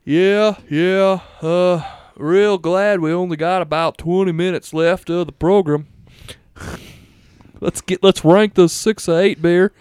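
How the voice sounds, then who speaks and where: Brief: man putting on a put-on Southern drawl, folksy country teaser, pitched up a bit. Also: steady tone, slow, a little mellow, smooth, no room sound. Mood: teasing drawl. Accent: put-on American Southern.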